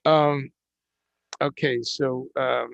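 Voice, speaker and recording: Chatty male host, gravelly and slightly high, dry close mic. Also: very slow, no room sound. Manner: animated, chatty, many restarts. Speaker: podcast host. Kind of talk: casual interview chat.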